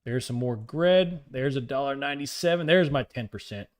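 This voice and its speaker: A man's voice: mid-range voice, animated, normal speed. A man on a live trading stream, calling out prices, coaxing the market and joking with chat. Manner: talks to the market and reads chat aloud, joking and upbeat.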